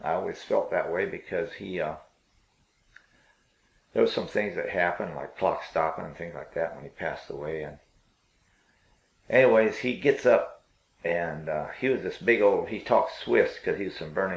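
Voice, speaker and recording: An older man telling his life story in a rambling, halting way, with many fillers and restarts. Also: deep voice, vocal fry, reverberant, poor audio. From Pennsylvania.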